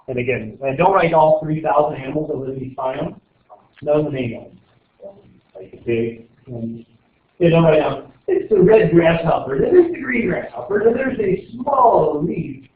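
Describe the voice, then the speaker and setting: A male teacher running a casual exam review, joking and quizzing his students as he rambles. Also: fairly high pitch. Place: classroom. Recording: echoey classroom on tinny lo-fi audio.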